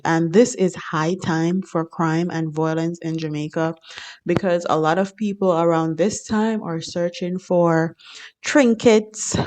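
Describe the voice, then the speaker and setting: A woman vlogger reading a crime report with steady, measured delivery, then signing off casually. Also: lowish voice. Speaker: news vlogger.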